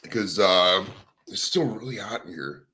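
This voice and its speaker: This young livestream host has a low-pitched, sharp-toned voice with lively intonation and a slightly slow pace. Indoors at home, he rambles casually and swears while chatting to his viewers.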